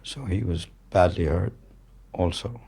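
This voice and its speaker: Deep-voiced older French man. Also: measured pace, creaky, dark tone, breathy edge. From France. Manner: blunt, matter-of-fact, swears freely. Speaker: guest, war journalist. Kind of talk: candid storytelling in conversation.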